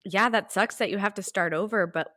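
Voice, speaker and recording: A woman's voice: mid-range voice, a little fast, sharp tone, no echo, studio quality. A young woman co-hosting a casual podcast, chatting with laughs and trailing asides. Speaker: podcast co-host. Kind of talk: casual chat.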